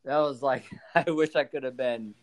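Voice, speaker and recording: A man's voice: mid-range voice, moderate pace. A man co-hosting a podcast, rambling through a story in casual chat with lots of fillers and restarts. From Illinois. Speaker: podcast co-host.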